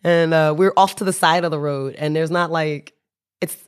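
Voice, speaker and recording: A man's voice: fairly high pitch, steady tone, normal speed, clear, resonant tone. Guy telling a rambling travel story, lots of restarts, wry and amused. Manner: rambling, self-correcting, wry, acts out voices. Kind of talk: casual spoken anecdote.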